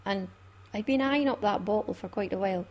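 A woman's voice: medium pitch, a little fast, darkish tone. A Scottish woman hosting a craft podcast in a chatty, laughing way. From Scotland. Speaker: podcast host. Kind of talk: casual chat.

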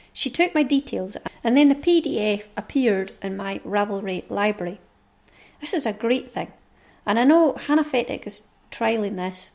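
A woman's voice: mid-range voice, darkish tone. A middle-aged woman, hosting her own podcast in a chatty, rambling monologue and reading through a long list. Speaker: knitting podcast host. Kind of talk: casual monologue.

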